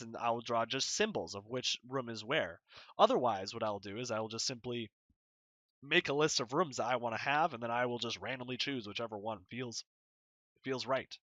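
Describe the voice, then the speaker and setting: A young man in a dungeon master role gives casual advice, rambling and filling gaps with loose asides. His voice is bright and forward, with a middle pitch. The recording is dry, with little room sound. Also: no room sound, muffled recording. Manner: rambling, loose, full of fillers.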